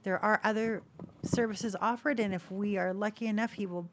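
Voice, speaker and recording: A woman's voice: steady tone, moderate pace. Chatty woman tarot reader talking to camera. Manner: talks to her cockatiel in high baby talk; chatty, with restarts and soft laughs. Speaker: tarot reader and channel host. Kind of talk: casual chat to camera.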